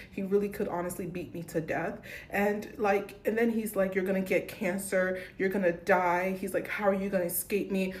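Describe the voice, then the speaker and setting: A woman's voice: medium pitch, a little mellow, roomy sound, poor audio. A young woman telling a frightening personal story to camera, shaken and full of restarts. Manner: shaken, talks fast with many likes and restarts. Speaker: vlogger.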